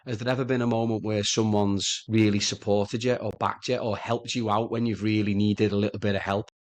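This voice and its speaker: Guy hosting a podcast, blunt and teasing, rapid questions. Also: on the low side, little pitch movement. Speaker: podcast host. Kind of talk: interview, quick-fire questions.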